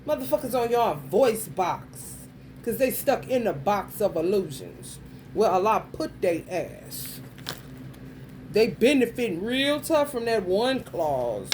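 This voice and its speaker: A woman's voice: mid-range voice, very animated, measured pace, noisy background. A woman vlogger delivering a blunt, crude rant full of swearing and street slang. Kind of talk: profane stream-of-consciousness rant.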